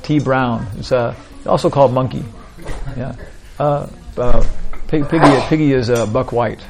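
A man's voice: mid-range voice, steady tone, measured pace, vocal fry, soft background music. A man teaching a small group in an informal spiritual talk, rambling and repeating "like that, you know" often.

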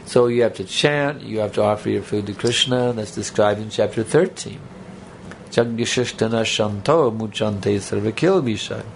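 Male speaker, gravelly, mid pitch, casual joking sermon style, faint hiss behind. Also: fairly even intonation, normal speed, few pauses. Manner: conversational, rambling, joking asides. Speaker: spiritual teacher. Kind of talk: sermon with audience banter.

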